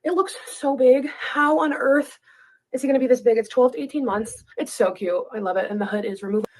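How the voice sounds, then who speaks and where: A woman's voice: fairly high pitch, brisk, darkish tone, low-quality recording. A woman in a casual home vlog, chatting and gushing over baby clothes. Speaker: vlogger.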